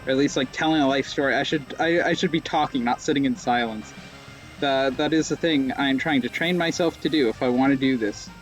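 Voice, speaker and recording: A man's voice: mid-range voice, a little fast, soft background music. A young man streaming live gameplay, rambling with self-mocking jokes and sudden yelps.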